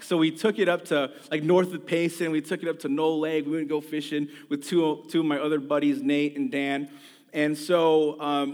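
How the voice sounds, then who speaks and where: A man preaching a sermon, telling a funny personal story before turning earnest and quiet. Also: fairly high pitch. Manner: storytelling, animated and humorous, then earnest and quiet. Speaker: pastor. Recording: long hall reverb.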